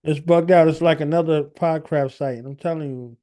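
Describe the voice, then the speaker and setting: A man in casual podcast chat, telling stories and giving enthusiastic shout-outs. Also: on the high side, fairly even intonation, a little fast.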